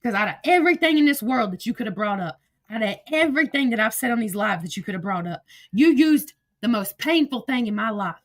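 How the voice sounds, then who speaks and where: A woman's voice: on the high side, expressive, quick pace, no room sound, studio quality. A woman hosting a livestream, ranting angrily and emotionally with lots of swearing and repetition into a phone. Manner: angry, profane, emotional, repeats herself. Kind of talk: heated livestream rant.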